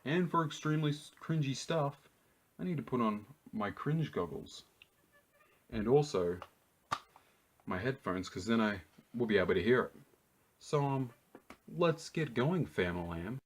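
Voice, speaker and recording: A man's voice: mid-range voice, expressive, measured pace, pauses often, slight background noise. Ranting Australian man. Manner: incredulous, ranting. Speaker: YouTube host. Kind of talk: reaction rant.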